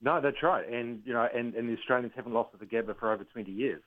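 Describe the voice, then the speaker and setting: A man joining sports chat by phone, quick and agreeable. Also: medium pitch. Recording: tinny phone line.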